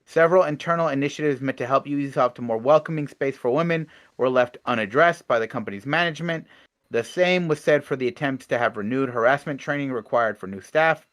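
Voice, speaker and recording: A young man with a mid-range voice co-hosts a casual news chat. He reads reports and breaks in with sarcastic remarks. His delivery is animated, jumping from loud to soft. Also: medium pitch, brisk. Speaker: co-host.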